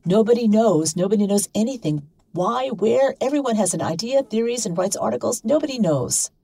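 A woman's voice: sits high, very animated, moderate pace, darkish tone, dry recording, voice pushed up. A woman voicing a stern, grieving middle-aged mother who speaks in short, clipped lines.

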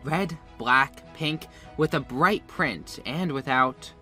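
A man's voice: on the high side, takes it slowly, sharp tone. A man telling a first-person story as scripted, earnest confessional narration. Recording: faint music behind the voice.

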